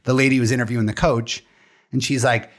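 A man's voice: medium pitch, level tone, fast talker. A young man co-hosting a podcast, telling stories in a rambling, casual way and swearing now and then. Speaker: podcast co-host.

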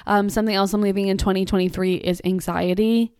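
A woman's voice: medium pitch, fairly even intonation, fast talker, darkish tone, clear, resonant tone, no echo, studio quality. A young woman hosting her own podcast, chatting casually and ranting about pet peeves, swearing and saying "like" a lot. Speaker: podcast host. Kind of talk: casual solo podcast chat.

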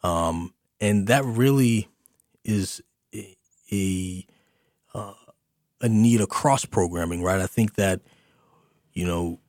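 A man hosting a community radio talk show, speaking in a halting way with many ums and uhs. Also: low-pitched, a little mellow, dry recording, studio quality.

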